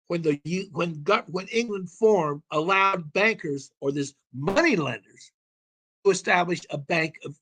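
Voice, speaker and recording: A man's voice: high-pitched, a bit bright, breathy edge. A man talking as a call-in show guest, explaining at length in an emphatic, rambling way and swearing now and then. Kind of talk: casual explanatory talk.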